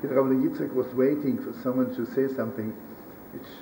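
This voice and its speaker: A man with a weak voice, a rabbi telling stories in a loose, halting way, sprinkled with Yiddish words. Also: mid-range voice, fairly even intonation, warm tone. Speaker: rabbi and storyteller. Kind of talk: storytelling sermon. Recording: roomy archival recording from a distance, faint hiss.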